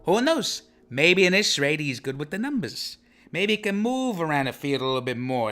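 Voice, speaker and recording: A man's voice: on the high side, sing-song, normal speed, bright, forceful tone. A man hosting a comedic sports podcast, rambling in brash wise-guy banter and tossing in "okay?" after his picks. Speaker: podcast host.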